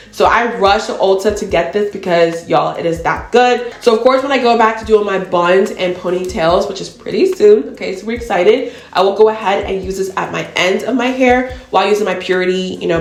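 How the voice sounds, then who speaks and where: A woman's voice: on the low side, reverberant. A woman beauty vlogger chatting casually to her viewers, calling them y'all. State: tearful, emotional. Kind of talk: casual chat to camera.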